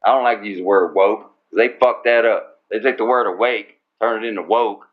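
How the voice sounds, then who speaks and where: A man's voice: on the low side, fairly quick. A man co-hosting a talk radio show, rambling crudely with constant swearing. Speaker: co-host. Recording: dull lo-fi sound.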